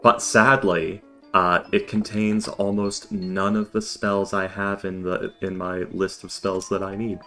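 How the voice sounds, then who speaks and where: A man with a very low voice chats wryly at a tabletop game he is streaming. He rambles a little as he thinks out loud. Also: flat delivery, a little slow, few pauses, faint music behind. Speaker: streamer and player. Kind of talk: casual game chat.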